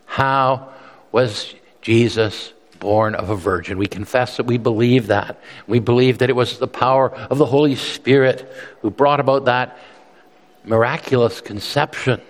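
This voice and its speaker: A male pastor preaches a sermon in an earnest, emphatic way, often repeating words as he restarts. His voice is medium-pitched and unhurried, and a large hall gives the recording long reverb.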